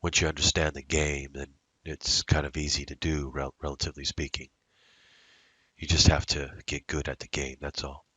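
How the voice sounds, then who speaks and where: Very deep-voiced man muttering trade calls. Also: little pitch movement, moderate pace, bright, forceful tone, slightly rough, dry recording. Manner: rambling, muttering to himself with fillers. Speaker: day trader narrating his trades. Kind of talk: casual live trading commentary.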